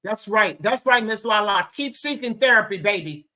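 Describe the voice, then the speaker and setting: A woman's voice: mid-range voice, lively intonation, sharp tone. A woman hosting a live talk show, affectionate and emphatic, calling her listeners baby and honey as she reads chat comments. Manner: emphatic, drawn-out delivery. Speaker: host.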